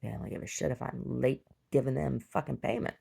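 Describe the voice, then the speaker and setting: A woman's voice: very deep voice, a little fast, gravelly, mellow, husky. A woman venting bluntly and profanely in a casual video diary recorded at home. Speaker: video diarist. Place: rural property at home.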